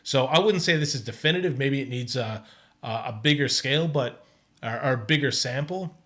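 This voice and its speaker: A man's voice: medium pitch, fairly bright tone. Hesitant man talking through a test. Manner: halting, many restarts and fillers. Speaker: host testing an AI music tool. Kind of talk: casual screen-recorded commentary.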